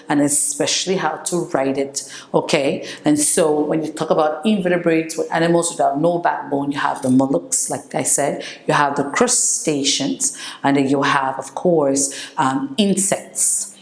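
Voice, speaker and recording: A woman's voice: sits low, gravelly, roomy sound. A woman from Senegal with a Senegalese French accent, teaching English vocabulary and repeating words for pronunciation, switching between English and French. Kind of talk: classroom vocabulary lesson.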